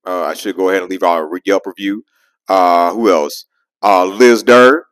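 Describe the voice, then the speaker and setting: A man telling a profane, animated story on his vlog, full of call-outs and shout-outs, recorded close on a dry mic. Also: low voice, normal speed, no room sound, rough recording. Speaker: vlogger and comedian.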